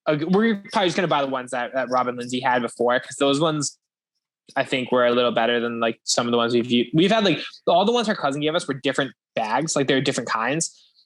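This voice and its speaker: A man's voice: mid-range voice, expressive, fast, fairly bright tone. A young man hosting a podcast, chatting casually and rambling with frequent swearing and laughter. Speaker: podcast host. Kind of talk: casual chat.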